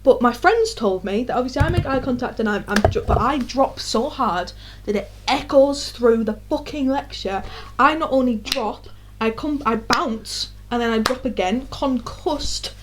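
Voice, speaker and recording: Young woman, podcast co-host, casual chat, animated and sweary, a touch higher than average. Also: normal speed, background noise. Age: young adult.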